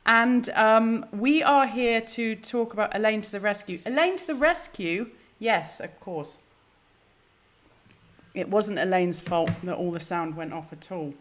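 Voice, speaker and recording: A woman's voice: medium pitch, measured pace, a bit bright. A woman hosting a live stream, chatty, flustered and self-deprecating. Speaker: host. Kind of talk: casual live-stream chat.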